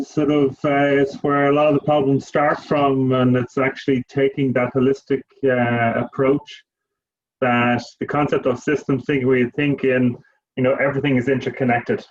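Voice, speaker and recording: A man's voice: medium pitch, level tone, normal speed. A man answering as a panelist, rambling with many fillers and repeated words. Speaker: trainer, panelist. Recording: dull, muffled audio.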